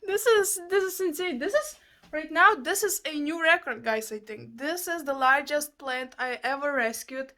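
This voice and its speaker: Young lithuanian woman vlogging, high voice, excitable, laughs a lot, non-native english. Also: normal speed. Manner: excitable, laughing, exclaiming to viewers. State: out of breath. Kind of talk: casual vlog chat to camera.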